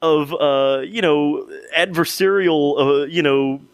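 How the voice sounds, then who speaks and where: A man's voice: on the high side, slow pace, vocal fry, no room sound. A young man co-hosting a podcast, telling a long story in casual chat with many restarts and fillers. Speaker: podcast co-host.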